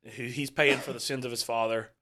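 A man hosting a casual movie reaction chat, talking in a rambling, halting way with lots of fillers and restarts. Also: medium pitch, steady tone, sharp tone, a little hiss or hum. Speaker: host leading a movie reaction.

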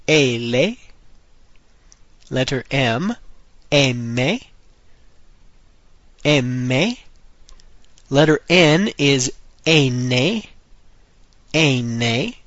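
A man teaching a recorded language lesson, saying phrases slowly and clearly and repeating them for drills, with the occasional dry aside. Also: medium pitch, lively intonation, fairly bright tone, dry recording, dull audio.

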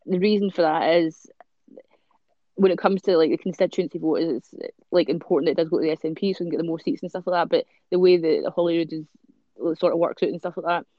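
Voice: medium pitch, fairly even intonation, quick pace, no echo, muffled recording. A Scottish podcast co-host in casual chat, explaining things at length with many ums and restarts.

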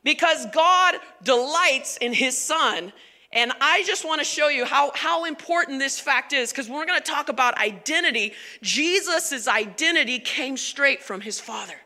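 Bright-voiced woman pastor preaching. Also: sits high, measured pace. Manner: animated, emphatic, conversational. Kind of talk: sermon. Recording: long reverb of a large hall.

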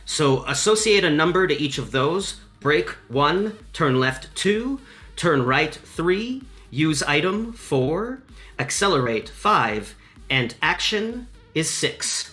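A man's voice: on the high side, big pitch swings, takes it slowly, sharp tone. A man narrating as game master of a tabletop game, casual with many fillers. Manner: casual, lots of fillers, laughs easily.

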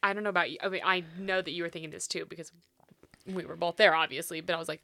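Woman cohost, bright voice, dry room, blunt and swears a bunch. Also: lowish voice, steady tone, no room sound. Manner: blunt, quick to agree, swears for emphasis. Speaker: podcast co-host. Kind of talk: casual chat.

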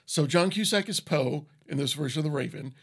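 A man's voice: on the high side, fairly quick, slightly rough. A man co-hosting a casual podcast chat, talking loosely with lots of filler words and frequent laughter. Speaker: podcast co-host. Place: recording studio.

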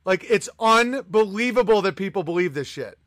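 A man's voice: high-pitched, animated, moderate pace, fairly bright tone. A young adult man hosting a podcast, ranting in a profane, mocking comedic style about politics. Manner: profane, mocking, acts out voices. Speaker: podcast host.

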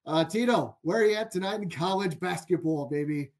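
A man with a fairly high voice hosts a casual sports betting podcast. He is chatty and amused, tells stories with a lot of "like", and leads the conversation between the other hosts. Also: a little fast, darkish tone. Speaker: podcast host.

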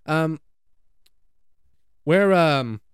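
A man's voice: a little high, expressive, extremely slow, smooth, no room sound, clean studio sound. An Irish man hosting a show, chatting casually in a rambling, sweary way and laughing easily. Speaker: podcast host. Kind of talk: casual chat.

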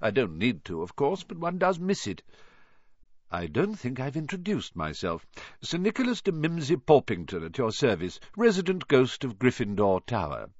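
A man voicing a stiff, formal old ghost gentleman with a pompous manner. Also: mid-range voice, wildly swooping pitch, normal speed, no echo, lo-fi sound. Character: stiff, courtly old male ghost, easily miffed.

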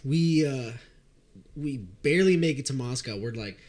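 A young man telling a drinking story in casual chat, animated and profane, often laughing. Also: mid-range voice, normal speed.

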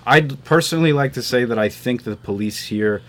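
A man's voice: medium pitch, normal speed, fairly bright tone. A young man from the New York area hosting a casual podcast, swearing often and trailing off into fillers. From New York tri-state area. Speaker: podcast host. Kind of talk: casual group chat.

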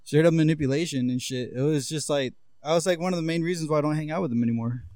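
A man's voice: fairly high pitch, quick pace, a crowd in the background. A young man hosting a podcast, telling a casual story in loose, profane talk full of "like". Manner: loose, profane, heavy use of filler "like". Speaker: podcast host.

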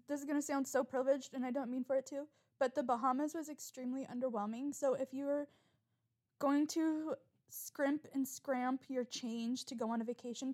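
Her voice sitting high, a young woman podcasts solo, rambling with lots of animation and swearing as she grows more riled up.

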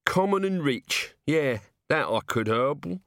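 A scruffy corporal moaning about everything, as a man reads him, voice pushed up high and swooping around, in a dry, close audiobook recording. he sounds low and put upon. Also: lively intonation, measured pace, a bit bright, no echo. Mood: gloomy. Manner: moaning, despondent. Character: male corporal, scruffy, gloomy, new peer. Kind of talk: audiobook character voice.

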